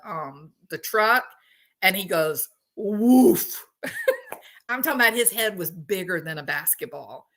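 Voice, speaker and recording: Bright-voiced woman hosting a chatty stream. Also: fairly low pitch. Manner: animated storyteller who laughs often. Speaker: host. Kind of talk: casual chat with live viewers.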